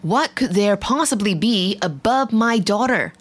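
A regal old king from a bedtime storybook, as a woman reads him, commanding and quick to anger. He speaks at an unhurried pace, with lines that sound formal and weighty. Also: medium pitch, expressive. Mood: pleased.

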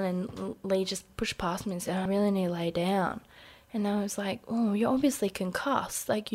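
A woman in her thirties with an Australian accent, casually telling a personal story in an interview with lots of "like" fillers and a hushed voice at times. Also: mid-range voice. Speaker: interview guest.

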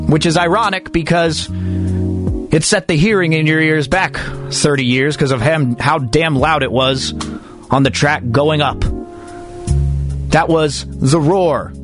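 A man hosting a sports radio show, talking in a comic, mock-dramatic way. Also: fairly high pitch. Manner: animated, mock-dramatic, comic slam-poetry delivery.

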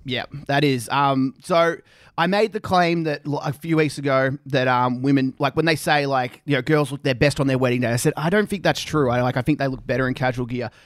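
A man's voice: mid-range voice, fairly quick, no echo, clean studio sound. A young man, bantering and joking in a casual podcast chat, swearing and laughing often. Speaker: podcast co-host.

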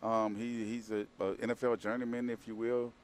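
A man's voice: fairly low pitch, flat delivery, normal speed. A man co-hosting a sports radio show, rambling casually, repeating words and leaning on fillers. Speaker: co-host.

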